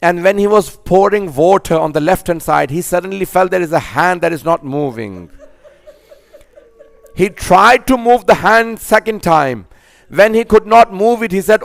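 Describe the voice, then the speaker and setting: A man's voice: sits high, animated, normal speed, creaky, no room sound. A man delivering a mourning sermon in a mosque, impassioned and rising to fervent crescendos, sometimes slipping into chanted lines. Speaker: preacher.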